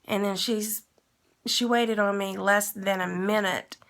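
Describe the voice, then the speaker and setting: Gravelly-voiced woman telling a story. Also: medium pitch, fairly even intonation, slow, fairly bright tone. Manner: rambling, retells with quoted dialogue. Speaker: vlogger. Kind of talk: casual storytelling.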